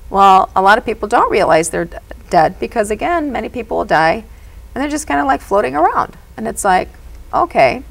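Female medium guest with a fry in her voice, earnest and lively in conversation. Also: on the high side, fairly quick, poor audio. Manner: animated and earnest, often says "you know". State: emotional at moments. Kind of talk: storytelling in a conversation.

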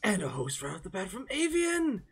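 Bubbly streamer, very animated pitch. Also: normal speed, husky, faint music behind. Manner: bubbly, playful, greets chat by name. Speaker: variety game streamer. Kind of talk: live stream chat.

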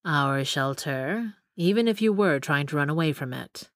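A woman voicing a gruff male wilderness survivalist who teases and gives orders. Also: low voice, expressive, moderate pace, dry recording, clean studio sound, voice pushed down. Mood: teasing.

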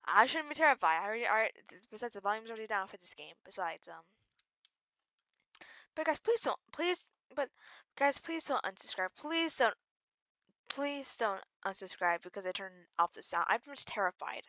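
A woman giving casual gameplay commentary as a channel host, jittery and slangy, dropping from mumbles to sudden yells. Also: fairly high pitch, big pitch swings, normal speed, no echo, dull audio. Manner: slangy, keeps saying "bro" and "freaking".

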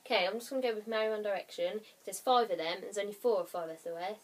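A young woman vlogs into her webcam at home, rambling loosely at rapid-fire speed with hardly any pauses. Her voice is medium-pitched, and she giggles, apologizes often, and sometimes drops to a whisper.

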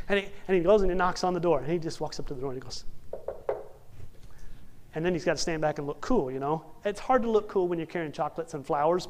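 A young man preaching a sermon, telling a humorous story and acting out the characters in animated bursts. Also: high-pitched. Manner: animated, jokey, acts out characters.

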